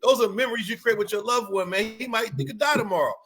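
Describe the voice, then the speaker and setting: A man, co-hosting a podcast, ranting loudly and profanely and mimicking other people mid-story. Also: sits high, fast talker. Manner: profane, animated, mimics voices mid-rant. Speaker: podcast co-host. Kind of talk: loud comedic rant.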